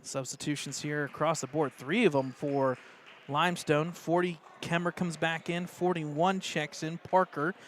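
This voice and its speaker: An American man doing live play-by-play of a high school basketball game, excitable and openly rooting for the home team. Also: a little slow, a little hiss or hum. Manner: excitable, partisan, rising pitch on plays. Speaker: play-by-play announcer.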